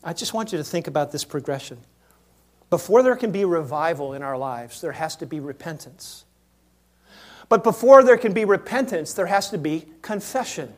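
A man preaching a sermon in a church, moving between quiet asides and loud acted-out quotes. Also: a little high, expressive, normal speed. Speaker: pastor.

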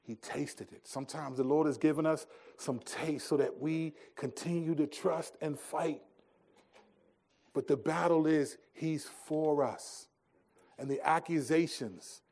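A middle-aged male pastor preaching a sermon, telling stories and swinging between hushed, slow lines and emphatic ones. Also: a little high.

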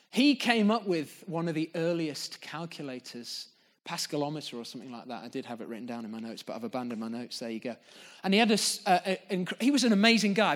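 A man preaching a sermon as pastor of a church, speaking earnestly and off the cuff, reflective between points. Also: fairly high pitch. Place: church gathering.

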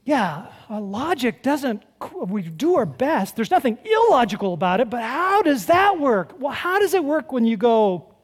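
Animated, conversational preacher. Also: mid-range voice, unhurried. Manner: animated, with big swings between loud and hushed; conversational, rhetorical questions to the congregation. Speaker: pastor. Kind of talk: sermon.

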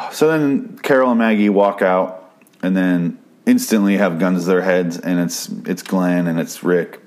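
A deep-voiced man hosts a podcast and talks through a TV episode he just watched. He swears freely and rambles, often stopping and restarting his sentences. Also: a little slow, a little mellow. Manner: profane, rambling, frequent restarts. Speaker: podcast host. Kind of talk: casual TV episode recap.

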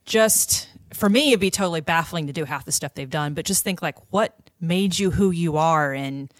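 A woman's voice: sits low, normal speed, dry recording. A woman co-hosting a podcast, talking in a chatty, earnest way. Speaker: podcast co-host. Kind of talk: casual chat.

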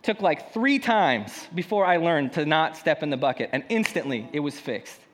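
Pastor with a long hall echo. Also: male voice, a little high, expressive, normal speed, a bit bright. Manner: storytelling, conversational and self-deprecating. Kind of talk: sermon. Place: church hall.

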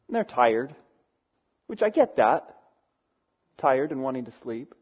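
A man preaching, retelling a story in a casual, animated way and acting out the characters' voices. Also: medium pitch, measured pace, breathy edge, highs cut off. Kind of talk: storytelling sermon.

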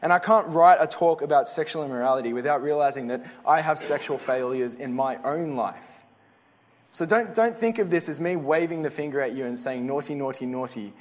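A young man preaches in an earnest, conversational way, often breaking off and restarting his sentences. His voice sits a little high for a man. It rings out with the long reverb of a hall. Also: a little fast. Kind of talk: sermon.

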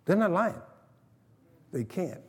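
Husky-voiced preacher man in a hall. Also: high-pitched, sing-song, takes it slowly. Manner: emphatic preaching with call-and-response. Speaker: pastor. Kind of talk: sermon.

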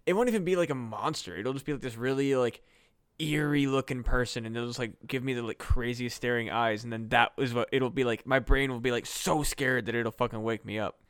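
A man's voice: mid-range voice, fairly quick, a bit bright, clean tone, dry recording, studio quality. A man co-hosting a casual comedy podcast, telling a story in a rambling way with lots of fillers and swearing. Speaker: podcast co-host.

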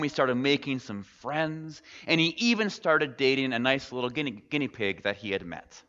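Man preaching with long hall echo. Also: fairly high pitch. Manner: expressive storytelling, reflective close. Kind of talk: sermon storytelling. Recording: dull recording with long hall reverb.

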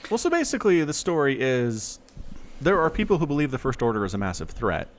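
A man co-hosting a podcast, in casual, animated chat with sarcastic asides. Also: mid-range voice, fast talker, slight background noise. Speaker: podcast co-host.

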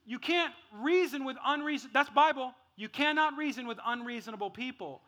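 A middle-aged man preaching a sermon as pastor. He is playful and laughs at his own jokes, and he swings between loud acted-out bits and quiet, earnest talk. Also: extremely high pitch, brisk.

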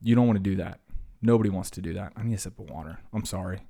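A man in his thirties with a very low voice hosts a solo podcast. He rambles and mocks himself, and he sounds a little wheezy after a workout. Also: racing, mellow. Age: 30s. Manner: rambling, self-mocking, talks to himself. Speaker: podcast host. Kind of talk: casual solo podcast monologue.

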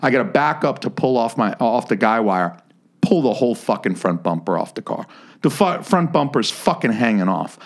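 A man co-hosting a podcast, telling a long story in casual chat, swearing constantly and getting animated. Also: mid-range voice, normal speed. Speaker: podcast co-host.

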